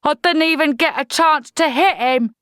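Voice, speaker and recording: A woman voicing a blunt, plodding female troll soldier with rough, plain speech. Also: sits high, normal speed, fairly bright tone, no echo, clean studio sound, voice pushed up. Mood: grumbling.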